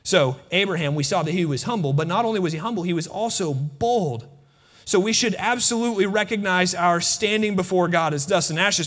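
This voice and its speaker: Preacher guy, high voice, animated, keeps repeating stuff to the congregation. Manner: animated, talks to the congregation directly with repeated phrases. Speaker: pastor. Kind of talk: sermon. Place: church sanctuary.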